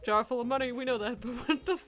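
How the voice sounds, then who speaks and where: Woman streamer, giggly, excitable, casual game chat, high voice, faint music. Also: fast talker. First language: Danish.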